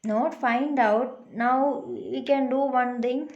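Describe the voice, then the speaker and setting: A woman's voice: sits high, fairly even intonation, creaky, darkish tone, highs cut off. A woman teacher giving a classroom lesson, explaining patiently and checking in with her pupils. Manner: slow, patient, checks in with "huh?".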